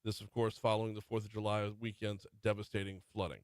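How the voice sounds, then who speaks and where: A man's voice: fairly low pitch, level tone, fast, clear, resonant tone, no room sound. A middle-aged man hosting a morning talk radio show, running through the news with chatty asides. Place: radio studio. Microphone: studio microphone.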